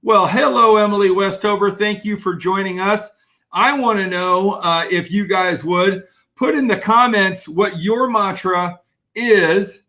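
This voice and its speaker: Bright, high-voiced energetic motivational speaker man. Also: measured pace. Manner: energetic, greets viewers by name while reading comments. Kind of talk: live-streamed motivational talk.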